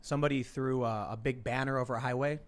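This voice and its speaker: A man in his thirties hosting a casual panel show, talking quickly and laughing often. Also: medium pitch, steady tone, clean tone. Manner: chatty, fast, laughs often. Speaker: podcast host. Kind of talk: casual panel talk with sponsor reads.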